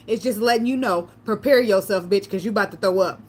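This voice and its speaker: A woman vlogger telling loose, profane stories in a relaxed chat, laughing often. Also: mid-range voice, a little fast, a little hiss or hum. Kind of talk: casual livestream chat.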